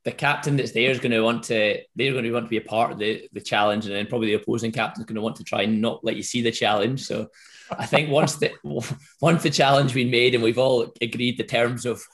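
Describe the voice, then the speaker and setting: A Scottish man, a rugby referee, answering interview questions in a relaxed, rambling way with frequent restarts. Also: medium pitch, a little fast. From Scotland.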